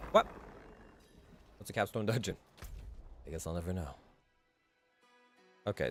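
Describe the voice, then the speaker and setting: A man streaming a hardcore game run, rambling casually with fillers and restarts as he thinks aloud. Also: on the low side. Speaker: gaming streamer. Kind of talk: casual gameplay commentary.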